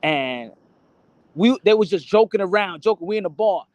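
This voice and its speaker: A man's voice: high-pitched, expressive, moderate pace, dry recording. A man hosting a boxing channel, ranting casually to the camera, cursing often, stumbling over and repeating his words, and slipping into Spanish phrases. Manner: rambling and profane, stammers and repeats words.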